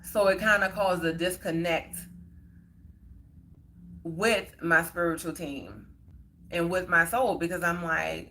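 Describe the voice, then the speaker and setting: Woman, crisp bright tone, a bit low-pitched, casual earnest storytelling, live stream host. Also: fairly even intonation, takes it slowly, long pauses. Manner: earnest, conversational, many fillers. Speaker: livestream host.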